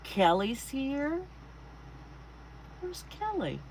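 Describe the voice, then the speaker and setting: A woman's voice: high voice, big pitch swings, extremely slow, a little mellow, poor audio. A middle-aged woman from Texas with a Southern accent, chatting casually with livestream viewers and greeting them by name. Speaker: craft livestream host. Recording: faint air conditioner hum.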